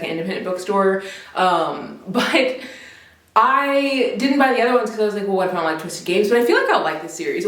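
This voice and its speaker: A woman's voice: medium pitch, a bit bright, distant mic. Young woman, casual vlog chat, giggly, rambling, roomy echo. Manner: giggly, rambling, many fillers. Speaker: booktuber.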